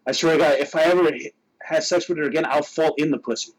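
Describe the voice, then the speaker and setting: A man's voice: a little high, fast talker, background noise. A man on a podcast telling a story casually, laughing and acting out his friends' lines. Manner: animated, laughing, voices friends in quotes. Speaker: podcast co-host.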